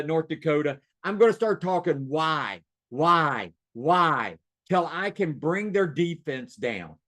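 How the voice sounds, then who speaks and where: A man with a voice pitched a little higher than most, coaching his audience through a video call. He hammers his points home and repeats the important lines. He calls out to the listeners directly. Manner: emphatic, repeats key phrases, addresses audience directly. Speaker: real estate sales coach. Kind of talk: motivational coaching talk. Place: online meeting.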